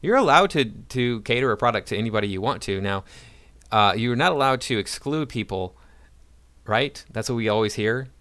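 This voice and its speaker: A man's voice: on the low side, normal speed, fairly bright tone, clear, resonant tone. A man hosting his own channel, reading news articles aloud and breaking in with sarcastic, mocking asides. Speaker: YouTube commentator.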